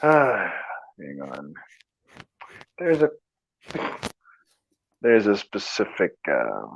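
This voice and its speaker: In a casual chat, a man rambles hesitantly, stopping and restarting as he tries to recall lines. His fairly low voice is gravelly and husky, swooping wildly in pitch at an extremely slow pace. The lo-fi recording sounds dull, with no room sound.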